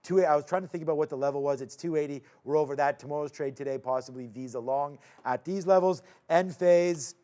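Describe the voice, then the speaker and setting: A man's voice: fairly high pitch, warm tone. A man hosting a live market recap show, chatting casually and joking between stock calls. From Canada. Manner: upbeat, joking, quick asides. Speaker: host.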